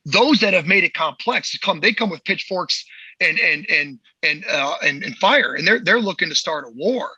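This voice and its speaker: Blunt, profane, high-voiced man. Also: animated, moderate pace, bright, forceful tone, breathy edge, no echo, dull audio. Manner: blunt, profane, heated and emphatic. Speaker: podcast host, movement coach. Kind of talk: casual podcast chat.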